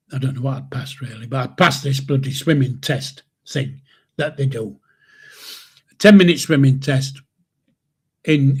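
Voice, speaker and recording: A man's voice: medium pitch, slightly rough. An older man hosting a live stream, telling a story in a rambling, chuckling way with mild swearing. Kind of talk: casual storytelling.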